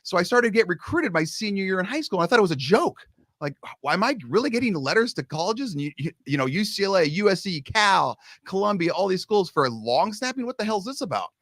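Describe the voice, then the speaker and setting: A middle-aged man from Southern California, a guest telling animated stories in casual chat and acting out the people in them. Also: high-pitched, fast talker, no room sound. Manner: animated storyteller, acts out quoted coaches. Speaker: guest, long snapping coach. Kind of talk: casual storytelling.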